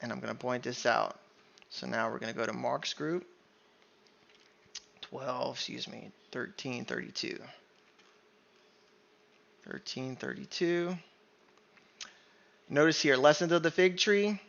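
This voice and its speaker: Gravelly man preaching, lo-fi. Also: mid-range voice, a little slow, pauses often, fairly bright tone. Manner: emphatic, keeps asking "right?". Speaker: online Bible teacher. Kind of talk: screen-share Bible study sermon.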